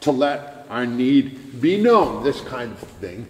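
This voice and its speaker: Male pastor preaching, slow emphatic delivery, long church reverb. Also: mid-range voice, big pitch swings, a little mellow, a little hiss or hum. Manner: measured, emphatic preaching with dramatic pauses. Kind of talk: sermon. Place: church sanctuary.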